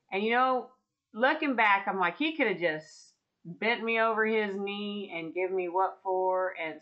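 Woman, middle-aged, earnest testimony storyteller, mid-pitched voice, dull lo-fi sound. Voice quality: earnest, laughs often while telling stories. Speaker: Christian singer and minister. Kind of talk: personal faith testimony.

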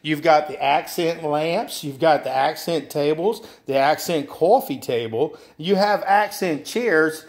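A man with a slightly high voice teaches furniture sales conversationally, speaking a little slowly with few pauses. He repeats phrases and acts out salesperson–customer exchanges as part of the instruction.

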